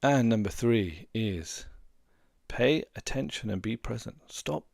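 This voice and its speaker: A man's voice: medium pitch, animated, takes it slowly, gravelly, a little mellow, no echo, studio quality. A middle-aged man, a relationship coach giving earnest, conversational advice and sharing personal stories. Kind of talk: casual advice talk.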